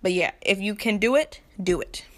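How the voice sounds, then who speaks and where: A woman's voice: medium pitch, moderate pace. A young woman from the United States delivering an impassioned, frustrated rant to camera, blunt and repetitive, with nervous laughs between points. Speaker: vlogger.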